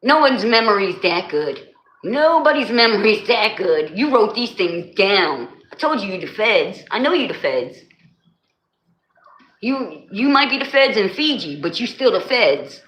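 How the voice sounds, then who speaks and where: A woman's voice: mid-range voice, sing-song, unhurried, fairly bright tone. A woman hosting a live stream, chatting casually with viewers, teasing them and laughing often. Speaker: livestream host. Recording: echoey room.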